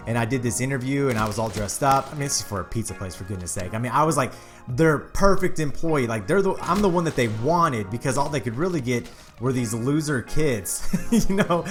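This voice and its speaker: A man hosting his own channel, candidly telling a personal story to his viewers in a casual, earnest way. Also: medium pitch. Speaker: YouTube channel host.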